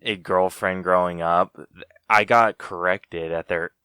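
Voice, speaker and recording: Deep-voiced guy from utah on a podcast, dry close sound, chuckles thru his stories. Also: fairly even intonation, unhurried, pushed and bright, clean tone, no echo. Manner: laughing, storytelling. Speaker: podcast guest. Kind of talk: casual podcast chat.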